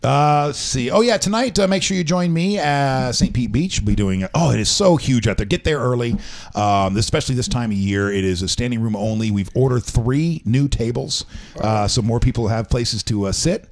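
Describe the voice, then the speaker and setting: A man's voice: mid-range voice, moderate pace. A man hosting a casual talk show, chatting loosely with many ums and uhs. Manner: rambling, frequent ums and uhs. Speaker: host. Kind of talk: casual morning show chat.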